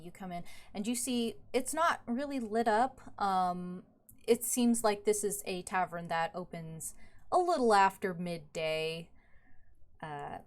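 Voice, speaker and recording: Relaxed woman narrating as dungeon master. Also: on the low side. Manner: relaxed, descriptive, with fillers. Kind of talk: narrating a tabletop game.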